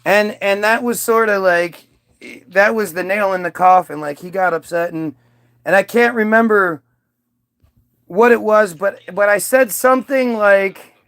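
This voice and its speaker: A man's voice: high-pitched, measured pace, fairly bright tone, clean tone, no echo. A man telling a personal story in a casual monologue, rambling and full of fillers and restarts.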